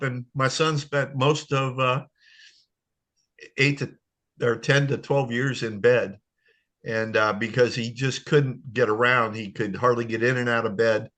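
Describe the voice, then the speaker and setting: A man's voice: medium pitch, steady tone, a little slow, fairly bright tone. Older man, voice breaking with emotion. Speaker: guest sharing a testimony. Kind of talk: emotional personal testimony.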